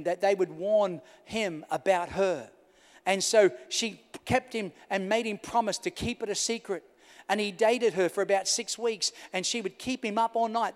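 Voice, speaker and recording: A man preaching as a pastor, telling a story that swings from loud bursts down to a hushed voice. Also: sits high. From Australia. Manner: storytelling, rising loud and falling to a hush. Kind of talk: sermon. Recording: long hall reverb.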